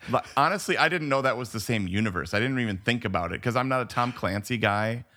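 A man's voice: mid-range voice, expressive, quick pace, pushed and bright. A man co-hosting a movie podcast in casual chat, enthusiastic and rambling, full of "like" and restarts. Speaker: podcast co-host.

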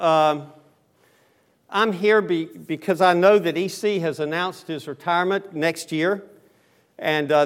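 A man's voice: fairly high pitch, smooth. A man in his sixties with a Southern US accent, a guest pastor telling a folksy story and preaching through a face mask, with plenty of ums and uhs. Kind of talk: sermon. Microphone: speaking through a face mask.

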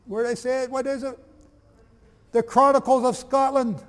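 A man teaching a lively sermon, reading aloud from old texts and firing questions at his audience. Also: very high-pitched, normal speed, long pauses, long reverb tail. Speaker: preacher.

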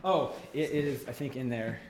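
A man's voice: medium pitch, moderate pace, a little hiss or hum. A man hosting a live comedy podcast, rambling and self-deprecating, laughing easily. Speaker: podcast host. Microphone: podcast mic.

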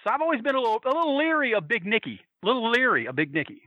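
A man telling wild anecdotes in a casual, profane, animated way, acting out other people's voices and laughing as he goes. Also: very high-pitched, racing, dry recording, dull audio. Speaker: storyteller guest.

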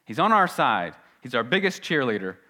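A male pastor preaching a sermon, swinging between loud emphasis and quiet asides. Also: medium pitch, very animated, moderate pace.

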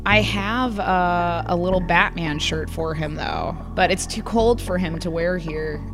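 A young woman guest at a comic convention, chatting in a rambling way with many fillers and laughs, her voice a little hoarse. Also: lowish voice, measured pace, over music. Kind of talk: casual interview chat.

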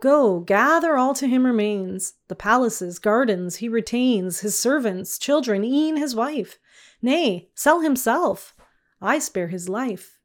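A wrathful king speaks in stately archaic verse, voiced by a woman reading the poem aloud. The delivery is slow and unhurried, pitched somewhat high. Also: animated. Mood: stern. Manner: commanding, archaic speech. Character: stern angry old-world king, man.

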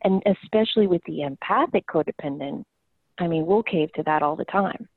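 Candid woman storyteller, lowish voice, dry phone-line sound. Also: a little fast, breathy edge, dry recording. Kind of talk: casual conversation.

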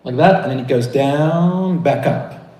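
A man gives a sermon in storytelling mode, building his phrases with animated, rising emphasis. His voice sits a bit high for a man. The room is echoey around him. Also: a little slow. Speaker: preacher.

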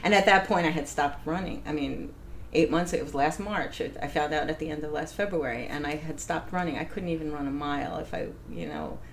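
Woman guest, relaxed storyteller, lower voice, animated and laughing. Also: a little fast, a little hiss or hum. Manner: animated, laughs often, acts out quoted voices. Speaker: interview guest. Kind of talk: casual storytelling.

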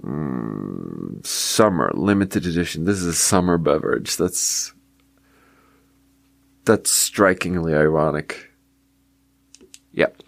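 Creaky-voiced man, wry late-night monologue. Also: rumbling low, expressive, slow, long pauses, no room sound. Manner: wry, self-mocking, swears freely. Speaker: solo podcast host.

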